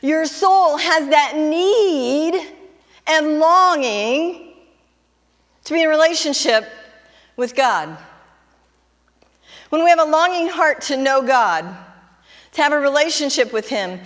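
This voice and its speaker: Woman preacher, high pitch, sermon delivery, echoing sanctuary reverb. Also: fairly bright tone. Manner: conversational preaching, rises to fervent emphasis. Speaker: pastor. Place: church sanctuary.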